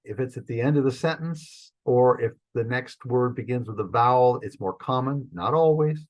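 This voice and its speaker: A man teaching a Greek grammar class, explaining the rules step by step in a relaxed, informal way with frequent fillers and restarts. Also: medium pitch, moderate pace, rough recording.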